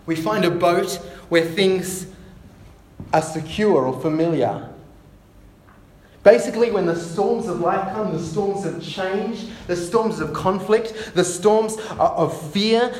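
A man preaching a sermon, often repeating words as he goes and dropping to soft, hushed tones. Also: high voice. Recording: echoey room with faint ambience.

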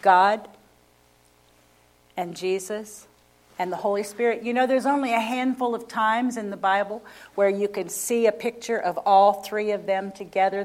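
A woman preaching a sermon, slow and emphatic, repeating key phrases and asking the congregation questions. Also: medium pitch.

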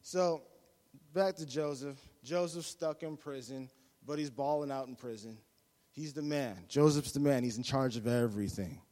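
A man preaching a sermon, a lively and humorous storyteller who repeats his phrases. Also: mid-range voice, moderate pace. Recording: long hall reverb.

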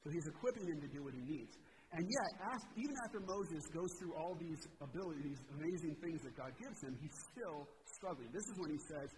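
A man's voice: fairly high pitch, animated, fairly quick, noisy background. Preaching man in a reverberant hall. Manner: casual, rhetorical "right?" asides. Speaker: pastor. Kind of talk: conversational sermon. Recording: reverberant hall with clear background ambience.

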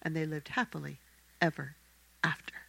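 A woman telling a fairy tale aloud in a church service, expressive and acting out the characters. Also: low-pitched, normal speed, vocal fry, poor audio. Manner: expressive, acts out the characters' voices. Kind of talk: animated fairy-tale storytelling.

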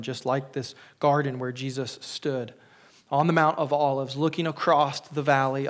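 A man giving a funeral sermon as pastor, earnest and searching, often restarting his words and sometimes dropping to a whisper. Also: a little high.

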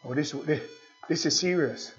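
A male pastor preaching a sermon in an animated way, firing rhetorical questions at the congregation. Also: a little high, normal speed, breathy edge. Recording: dull lo-fi recording with faint music.

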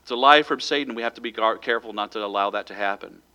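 A man's voice: lowish voice, quick pace, bright, forceful tone. A man preaching a sermon as pastor, talking plainly and acting out quoted voices as he goes.

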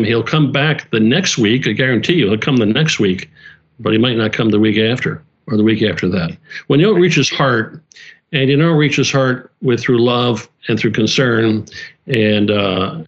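A man's voice: mid-range voice, moderate pace, muffled recording. A man leading a small church, talking earnestly in casual conversation, repeating himself and restarting his phrases.

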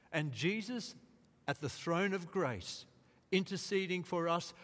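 A man preaching a sermon in a slow, deliberate way, rising to emphatic quotes. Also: fairly high pitch. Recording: long reverb of a large hall.

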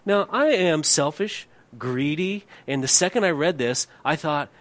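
Heard on a dry recording, the middle-aged pastor preaches a little slowly and expressively. Rhetorical questions are aimed at the congregation, and he often hushes his voice low to underline a point.

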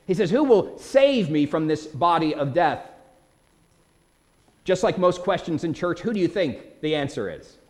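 Male pastor, sermon delivery; animated, wide pitch swings, a touch high. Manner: animated preaching with dramatic quoted outbursts.

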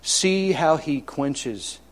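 A man's voice: fairly high pitch, animated, extremely slow. A man preaching a sermon as pastor, emphatic and repetitive, telling homely stories with humor.

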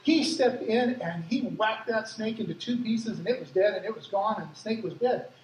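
A man who grew up in Africa, preaching a sermon with lively personal stories and acted-out quotes, as a pastor. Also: sits high, moderate pace, slight background noise. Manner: lively storytelling, acts out quotes. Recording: echoey hall from far off, faint ambience.

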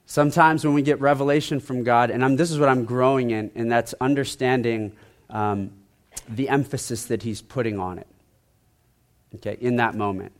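A male pastor preaching in a loose, conversational way. He keeps repeating his phrases and sinks into a quiet, soft-spoken emphasis on his key points. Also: medium pitch, steady tone, moderate pace. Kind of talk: sermon.

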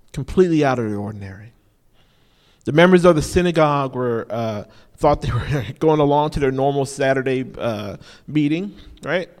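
In a large hall with a long reverb, a man gives a conversational sermon in a mid-range, slightly mellow voice. He often says "you know" and repeats key phrases for emphasis.

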